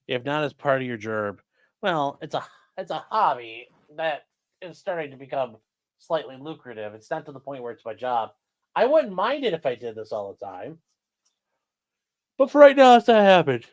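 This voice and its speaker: A man's voice: fairly high pitch, very animated, normal speed. A man who is a lawyer chats casually on a livestream, joking and reading viewer comments aloud.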